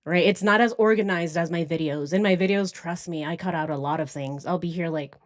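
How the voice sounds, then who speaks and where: A woman's voice: fairly low pitch, a little fast, no echo, clean studio sound. A woman hosting a casual true crime livestream, rambling off on tangents and now and then putting on mocking voices.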